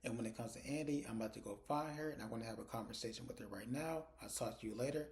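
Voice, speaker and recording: A man voicing an angry, suspicious woman who confronts her partner with sharp, demanding questions. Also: medium pitch, very fast, close to an everyday voice. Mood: indignant.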